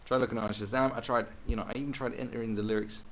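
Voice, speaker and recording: A man's voice: mid-range voice, steady tone, very fast, a little hiss or hum, rough recording. A man hosting a podcast, telling rambling, sweary stories in a casual monologue.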